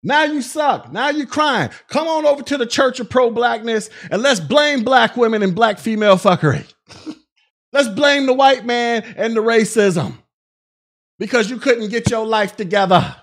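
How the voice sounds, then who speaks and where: High-voiced man ranting mockingly. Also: moderate pace, a bit bright. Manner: profane, mocking, laughing at critics. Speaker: podcast host. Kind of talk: live-stream rant.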